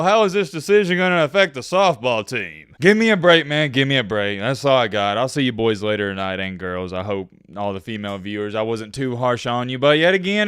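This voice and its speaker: A man's voice: on the high side, fairly bright tone, clear, resonant tone, no echo, studio quality. A man vlogger delivering a blunt, dismissive opinion rant about college sports to his channel's viewers.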